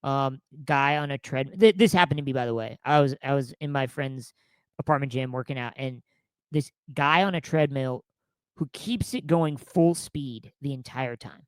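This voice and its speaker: A man's voice: medium pitch, moderate pace, clean tone, no room sound. A man co-hosting a podcast, telling a funny story in casual chat, laughing often and acting out bits of it. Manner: animated storytelling with frequent laughter and acted-out quotes. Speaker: podcast co-host.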